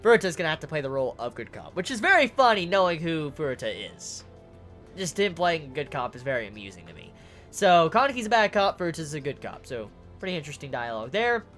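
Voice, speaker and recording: A manga reviewer giving casual video commentary, ranting excitably with lots of swearing and stuttered repeats. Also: medium pitch, quick pace, faint music behind.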